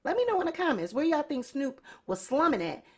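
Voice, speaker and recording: A woman hosts a celebrity gossip show, offering casual, sassy commentary straight to her viewers. Her voice sits high, very animated and brisk.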